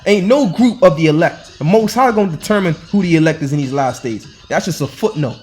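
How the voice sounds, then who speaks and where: A man with a notably high voice preaches in a loose, colloquial way. He hammers each point with rhetorical questions and frequent restarts. Faint music plays behind him. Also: animated, brisk, darkish tone. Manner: hectoring, repeats himself with rhetorical questions. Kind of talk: informal scripture-reading sermon.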